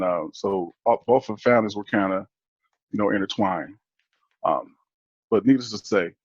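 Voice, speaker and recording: A man from Detroit, a guest on a show, telling his family story in a relaxed, rambling way with fillers and restarts. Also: low voice, husky, no room sound, dull audio. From Detroit, Michigan, USA. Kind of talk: casual storytelling.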